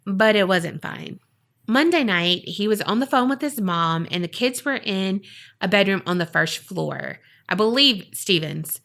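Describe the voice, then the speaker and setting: Lively woman telling a spooky story. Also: medium pitch, measured pace, gravelly. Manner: lively, acts out quoted voices. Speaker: podcast host. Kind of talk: casual storytelling.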